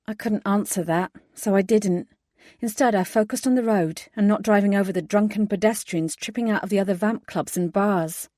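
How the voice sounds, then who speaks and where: A medium-pitched woman narrates a first-person audiobook in a steady, measured voice, giving the heroine's lines clear emphasis. The sound is close and dry, with no room echo.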